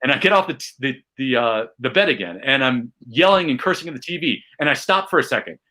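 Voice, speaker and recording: A man from Chicago, a comedian, telling a fan memory in casual chat with rising excitement and self-mocking asides. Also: mid-range voice, fast talker. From Chicago, USA. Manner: animated, builds tension, self-mocking. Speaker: podcast guest, comedian.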